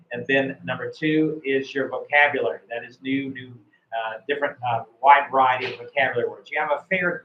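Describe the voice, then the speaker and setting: In a roomy, dull, lo-fi recording, a man with a medium-pitched, somewhat bright voice offers spoken-test feedback. As an IELTS speaking examiner and coach, he compliments his student's answers, often restarting sentences and repeating words.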